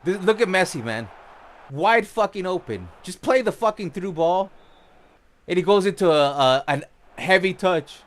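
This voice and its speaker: A man's voice: high-pitched, lively intonation, normal speed, a little hiss or hum. A young man streaming a football video game, ranting with frequent swearing in casual commentary. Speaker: gaming streamer.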